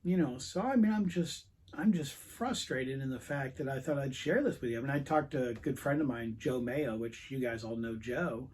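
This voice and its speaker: A man's voice: medium pitch, moderate pace, few pauses, a little mellow, husky. A man hosting his own record collecting channel, telling a rambling, frustrated story to camera with lots of quoted dialogue. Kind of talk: casual rant to camera.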